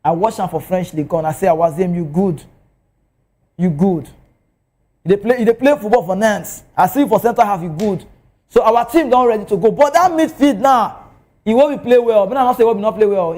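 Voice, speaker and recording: Nigerian male TV football pundit, pitched high, mellow tone, excitable delivery. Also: fairly quick. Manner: animated, excitable, swings pitch. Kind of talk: TV football commentary in Pidgin. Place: TV studio.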